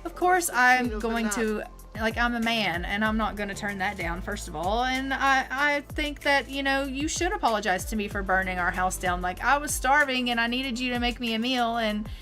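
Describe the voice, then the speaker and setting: A proud, teasing husband from a life-sim game, as a woman streamer puts him on. He talks in a loose, chatty way full of fillers, with a bright, fairly high tone. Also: normal speed, faint music behind. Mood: lecturing. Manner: casual, chatty, filler-heavy.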